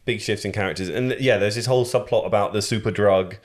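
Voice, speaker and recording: A man co-hosting a film podcast in casual chat, swearing freely and mimicking characters in quick asides. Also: lowish voice. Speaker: podcast co-host.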